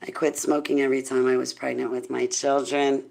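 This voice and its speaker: Low-voiced woman chatting with her viewers. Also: flat delivery, fairly quick, creaky, a little mellow. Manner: rambling, laughs often, talks straight to viewers. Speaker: livestreamer answering chat. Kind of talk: casual chat.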